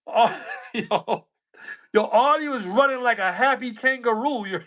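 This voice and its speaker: High-voiced New man, slangy. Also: slow pace, fairly bright tone. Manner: slangy, laughs often, repeats himself. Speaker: co-host. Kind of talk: casual livestream chat.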